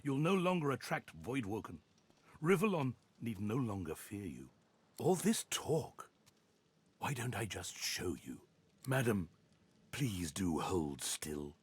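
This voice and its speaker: An actor playing a cruel, zealous male high judge in a video game, speaking in a silky, condescending way. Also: big pitch swings, slow pace, slightly rough, heavily acted. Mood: menacing.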